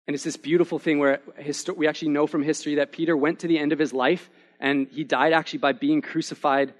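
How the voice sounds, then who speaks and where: A young man delivers a sermon in a slightly higher voice. He talks casually, calling the listeners "man". He builds to impassioned, emphatic peaks. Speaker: pastor.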